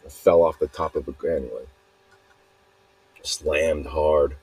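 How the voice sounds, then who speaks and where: Low husky-voiced man rambling. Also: fairly even intonation, slow, darkish tone. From Utah. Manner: rambling, self-mocking, trails off mid-sentence. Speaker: podcast host. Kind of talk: rambling solo podcast monologue.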